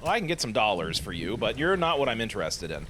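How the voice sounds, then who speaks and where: A man's voice: on the low side, big pitch swings, fast, fairly bright tone, a little hiss or hum. A man hosting a casual let's play, commenting with wry, sarcastic asides.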